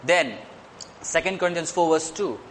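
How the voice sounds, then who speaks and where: A man's voice: a little high, lively intonation, moderate pace, fairly bright tone, a little hiss or hum. A man preaching a sermon in an earnest way. He repeats phrases and lifts his voice on key points.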